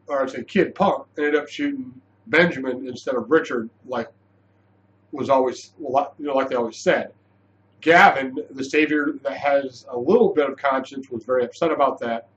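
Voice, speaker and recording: A man giving a casual, animated spoken review of a TV episode, chatty, with frequent restarts. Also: medium pitch, muffled recording.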